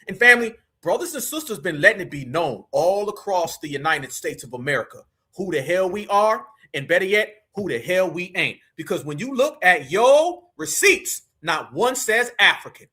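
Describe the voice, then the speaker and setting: A man's voice: sits high, sing-song, moderate pace, hardly any pauses, sharp tone. A man hosting a live stream, talking in a fiery, preachy way and calling his viewers family. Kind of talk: heated live commentary.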